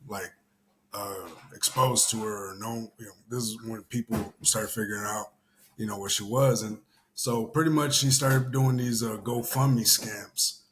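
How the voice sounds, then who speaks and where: A man's voice: on the low side, steady tone, measured pace, a little hiss or hum. A young adult man from the Houston area, host of a casual commentary show, telling a story in a rambling way with lots of fillers and casual swearing.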